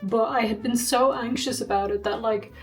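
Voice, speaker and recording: A woman's voice: fairly high pitch, steady tone, normal speed, soft background music. A young woman vlogging in a casual, chatty way, laughing often and poking fun at herself. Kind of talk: casual vlog chat. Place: at home.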